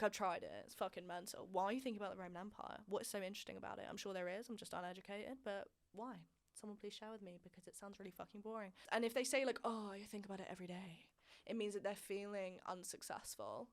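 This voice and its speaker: A woman's voice: medium pitch, brisk. Frank chatty woman in her twenties. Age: 20s. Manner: frank, chatty, swears freely, animated emphasis. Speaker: vlog host. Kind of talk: candid casual storytelling.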